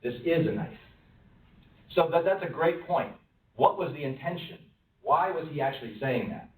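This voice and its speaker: A man's voice: on the high side, moderate pace. Man lecturing in a roomy space. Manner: questioning, lively, acts out quoted voices. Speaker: speaker at a lunch-and-learn talk. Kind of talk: conversational presentation to an audience. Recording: roomy, from a distance, faint room noise.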